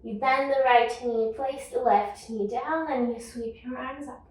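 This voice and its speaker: A woman guides a yoga class in a slow, measured voice, pitched a little high. She sits back from the microphone in a strongly echoing room. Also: distant mic. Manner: calm, unhurried cueing of breath and movement. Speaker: yoga teacher. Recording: echoey room, voice off-mic.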